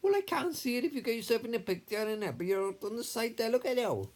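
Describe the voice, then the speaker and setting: A man's voice: very high voice, sing-song, quick pace, darkish tone. A man bickering in an improvised comedy sketch, putting on an accent that drifts between Welsh and Scouse, swearing constantly and ending lines with innit, recorded on a tablet camera. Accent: put-on mix of Welsh and Scouse.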